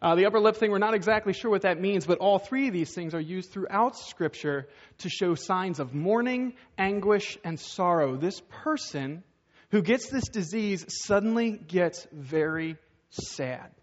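High-voiced man preaching a casual sermon. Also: expressive, moderate pace. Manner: conversational, asks rhetorical questions, acts out quoted voices. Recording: dull, echoey hall sound.

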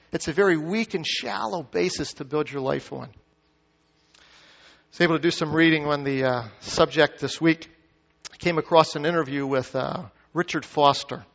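High-voiced man preaching in a reverberant hall. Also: moderate pace, vocal fry, fairly bright tone. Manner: reads scripture aloud, asks the congregation questions. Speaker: pastor. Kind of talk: sermon. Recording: muffled sound with long hall reverb.

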